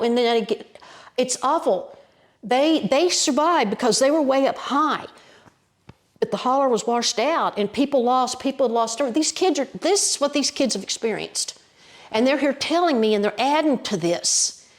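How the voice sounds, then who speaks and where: An Appalachian woman tells a story out loud with folksy, lively energy. Her voice sits somewhat high for a woman. She drops into colloquial mountain phrasing as she goes. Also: moderate pace. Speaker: storyteller, podcast guest. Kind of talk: animated oral storytelling.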